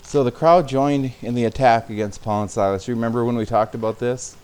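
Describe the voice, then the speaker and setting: A man's voice: medium pitch, steady tone, a little fast, a little mellow, clean tone. A man preaching a sermon as a pastor, speaking conversationally and sometimes repeating words.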